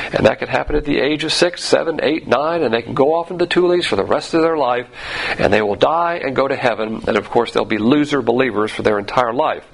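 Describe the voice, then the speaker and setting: A man's voice: mid-range voice, gravelly, breathy edge, poor audio. A man preaching a sermon, emphatic, with rhetorical questions and frequent fillers. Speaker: pastor.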